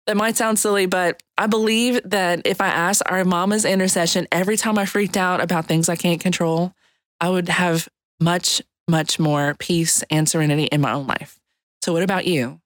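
A woman's voice: lowish voice, fairly even intonation, normal speed, no echo. A woman with a Louisiana Cajun accent giving a light-hearted, chatty devotional reflection on a podcast. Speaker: podcast contributor.

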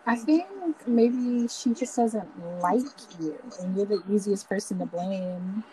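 A woman's voice: mid-range voice, slow, dark tone, a little hiss or hum, low-quality recording. A woman co-hosting a podcast, chatting casually and mostly listening with brief replies. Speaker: podcast co-host. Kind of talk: casual chat.

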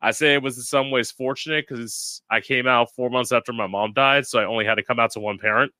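A man's voice: mid-range voice, fairly even intonation, quick pace, pushed and bright, no room sound. A young man as an interview guest, telling a personal story in a candid, dramatic and profane way.

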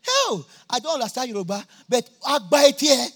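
A high-pitched preacher, a man with a husky, gravelly voice. He laughs easily and swings from easy chat to sudden shouts. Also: sing-song, a little fast. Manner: jovial, laughs often, bursts into shouts. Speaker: pastor. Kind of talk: sermon. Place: church campmeeting.

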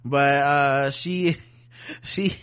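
A man co-hosting a podcast recaps a TV episode in casual conversation. His voice sits at an ordinary, mid-range pitch. He talks in a laid-back, profane and animated way. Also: extremely slow, clear, resonant tone. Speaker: podcast co-host.

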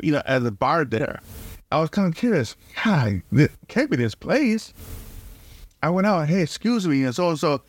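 Rambling podcast host, halting delivery. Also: male voice, mid-range voice. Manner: halting, rambling, lots of restarts and fillers. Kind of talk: casual storytelling monologue.

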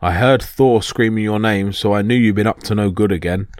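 A man's voice: fairly low pitch, fairly quick, a little mellow, dry recording, clean studio sound, close to an everyday voice. A man voicing a proud female goddess who speaks sharply and suspiciously. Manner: suspicious, then eager.

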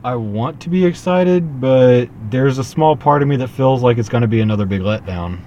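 A man's voice: mid-range voice, normal speed, mellow. A man appearing as a podcast guest in casual chat, giving critical opinions. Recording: dull lo-fi sound with faint background hiss.

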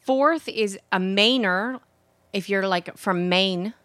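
Woman, radio co-host, bright voice, playful, teasing, dry close sound. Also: medium pitch, slow, dry recording. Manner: playful, teasing, reads out a list. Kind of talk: casual comedic radio banter.

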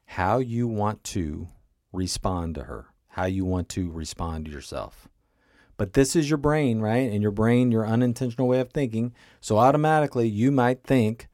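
A man with a lowish voice talks listeners through a coaching tool on his podcast. He explains casually and keeps checking in with "right?" and "okay?". The sound is close and dry. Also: expressive, measured pace, a little mellow, no room sound. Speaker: life coach and podcast host.

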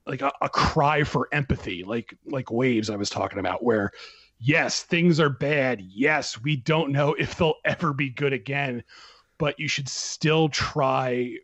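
A man talking about films as a podcast guest, in an animated casual way with many restarts and fillers. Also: medium pitch, no room sound, dull audio. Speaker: film critic guest.

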